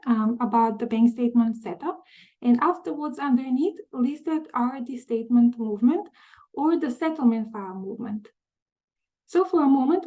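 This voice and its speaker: A woman presenting a software walkthrough in a webinar, methodical, often pausing with "um" and repeating words. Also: fairly high pitch, rough recording. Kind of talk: webinar screen-share walkthrough.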